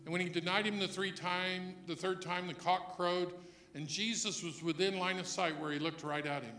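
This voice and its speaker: A man preaching a sermon as pastor, moving between quiet reflection and loud emphatic passages. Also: sits high, fairly even intonation, moderate pace, reverberant.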